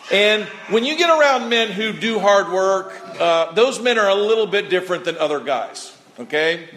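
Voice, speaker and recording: A man preaching in a fairly high voice, folksy and conversational, pausing for the congregation to repeat after him. His voice carries a long reverb from the church hall. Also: expressive, a bit bright. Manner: folksy, conversational preaching with audience call-and-response. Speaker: pastor. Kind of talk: sermon. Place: church sanctuary.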